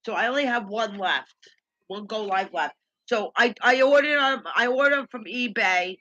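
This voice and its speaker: A woman's voice: on the high side, moderate pace, bright, forceful tone, no room sound, muffled recording. A woman hosting a casual live stream, rambling and ranting as she retells conversations and repeats herself. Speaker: livestream host.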